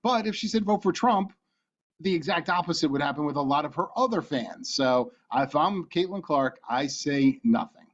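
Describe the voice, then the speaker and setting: A man with a fairly high voice co-hosts a casual podcast, chatty and quick to laugh, pausing with ums and uhs. The sound is dull and lo-fi. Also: expressive. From Virginia. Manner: chatty, laughs often, hesitant with fillers. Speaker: podcast co-host. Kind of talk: casual chat.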